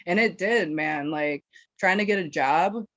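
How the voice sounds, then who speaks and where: A woman's voice: fairly low pitch, measured pace, no echo. Profane, rambling woman on a dull recording. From Wisconsin. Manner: profane, rambling, laughs often, filler-heavy. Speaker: podcast guest. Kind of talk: casual storytelling.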